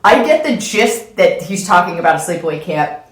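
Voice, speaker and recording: Woman, podcast host, low voice with lively swings in pitch, animated storyteller, casual chat, echoey room. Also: normal speed, crowd noise. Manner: animated storyteller, laughs through her own story.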